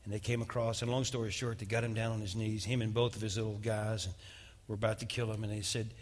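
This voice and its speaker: A man's voice: on the low side, flat delivery, fast talker. A male pastor preaching a sermon and dramatically retelling a testimony. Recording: long reverb of a large hall.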